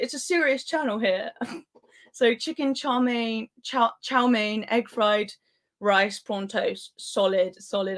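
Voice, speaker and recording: A young woman who grew up in Spain, hosting a football live stream in casual, giggly chat and reading viewers' comments aloud. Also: a little high. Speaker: football channel host.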